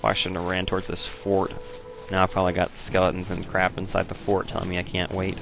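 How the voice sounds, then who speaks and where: A young man giving laid-back, rambling commentary as he plays a video game, now and then breaking into loud joking voices. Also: sits low, completely flat delivery, fairly quick, creaky, over music. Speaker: let's play host. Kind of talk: casual gameplay commentary.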